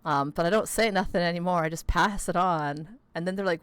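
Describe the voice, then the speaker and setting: Streaming a game, a woman rambles and laughs through casual chat, heavy on filler words. Her voice is on the low side, quick, fairly bright and smooth, captured dry on a close desk mic.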